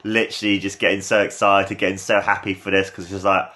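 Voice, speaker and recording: A young man hosting a casual watchalong, talking excitedly and rambling as he gushes over what he sees. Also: sits low, fast. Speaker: podcast host.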